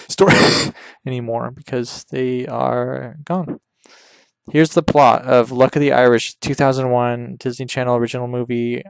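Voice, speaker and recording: A man hosting a podcast, rambling crudely and deadpan through an improvised comedy monologue over a game. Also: mid-range voice, creaky, smooth, no echo, clean studio sound. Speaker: podcast host.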